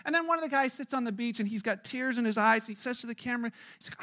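A middle-aged man preaches a sermon in a loose, conversational way and slips into the voices of the people he quotes. His speaking voice sits unusually high for a man. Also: quick pace, few pauses, pushed and bright. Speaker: pastor.

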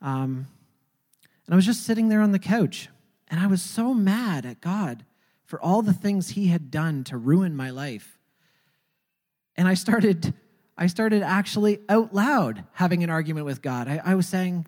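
A speaker telling a personal faith testimony in a halting way, often repeating words before going on. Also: mid-range voice, lively intonation, a little mellow, long reverb tail. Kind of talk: personal storytelling.

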